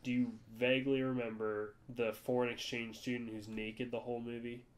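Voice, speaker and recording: A man's voice: level tone, moderate pace, a little hiss or hum. A man from the United States, co-hosting a podcast, telling stories in a loose, rambling way. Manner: rambling storyteller, jumps to high-pitched voices for quoted people. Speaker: podcast co-host. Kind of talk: casual chat.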